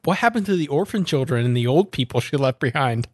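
A man's voice: mid-range voice, animated, fast talker, a little mellow. A man co-hosting a casual podcast with wry, dry humor. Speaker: podcast co-host. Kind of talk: casual chat.

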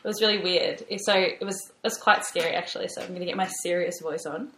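Chatty young Australian woman, low-toned. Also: fairly even intonation, quick pace, fairly bright tone. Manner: chatty storytelling, heavy use of "like". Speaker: podcast co-host. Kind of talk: casual chat. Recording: roomy echo.

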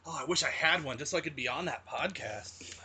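A man's voice: on the high side, brisk, pushed and bright, slightly rough. A man co-hosting a podcast, telling rambling casual stories with frequent restarts. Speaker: podcast co-host. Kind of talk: casual chat.

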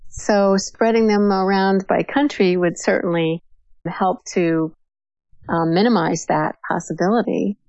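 Woman panelist, measured thinker, muffled dry recording. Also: mid-range voice, steady tone, creaky, darkish tone, dry recording. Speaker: podcast panelist. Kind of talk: casual discussion.

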